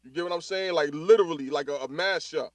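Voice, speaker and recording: A man's voice: on the high side, quick pace, no room sound. A man with a Bronx New York accent chatting casually, repeating words as he works toward his point. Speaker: call-in speaker. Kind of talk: casual chat in an audio chat room.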